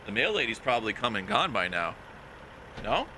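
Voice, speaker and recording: A man's voice: lowish voice, very animated, moderate pace, background noise. A man chatting casually during a live game stream, teasing and talking to viewers and people off-mic. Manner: chatty, teasing, talks to chat and off-mic family.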